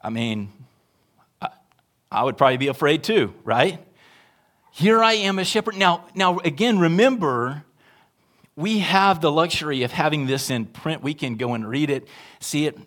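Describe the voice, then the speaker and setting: Man, associate pastor, sermon, slightly high voice, conversational, animated, emphatic then quiet. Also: moderate pace, long pauses. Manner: conversational, animated preaching with frequent tag questions to the congregation; swings between raised emphatic delivery and quiet, low asides.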